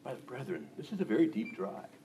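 Animated male preacher giving a sermon. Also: mid-range voice, brisk, slight background noise. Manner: animated, acts out gossiping voices.

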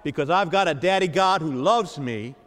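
A male pastor preaching a sermon, with dramatic pauses and emphatic repetition. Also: fairly high pitch, expressive, a bit bright, long reverb tail. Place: church.

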